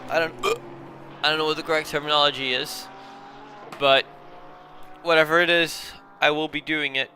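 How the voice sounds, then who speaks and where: A man's voice: a little high, flat delivery, moderate pace, pauses often, bright, forceful tone, a little hiss or hum. A young man commentating a sim race live while fighting a bout of hiccups, apologising and laughing at himself between calls. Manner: flustered, self-mocking, apologetic between calls.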